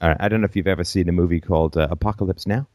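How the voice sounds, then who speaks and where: A man with a very low voice hosts a call-in show, drifting through long anecdotes and chuckling along the way. The sound is dry and close, with no room around it. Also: fairly even intonation, rapid-fire, a little mellow, no room sound. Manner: rambling, anecdotal storytelling with chuckles.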